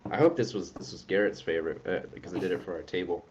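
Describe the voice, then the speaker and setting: A man's voice: sits low, fast, highs cut off. A man hosting a live-streamed podcast, chatting casually with plenty of ums. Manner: relaxed, chatty, frequent ums. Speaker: podcast host.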